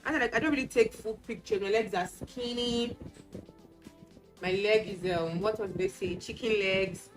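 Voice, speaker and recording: In a casual get-ready-with-me chat, this beauty vlogger speaks in a medium pitch at normal speed, sharing candid stories and acting out quoted conversations. Background music plays, and the recording quality is low.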